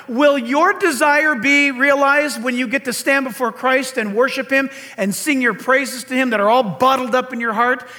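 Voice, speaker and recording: An older man, a pastor, preaches with earnest rhetorical questions; people have compared his high, reedy voice to a cartoon frog. His tone is bright and forceful.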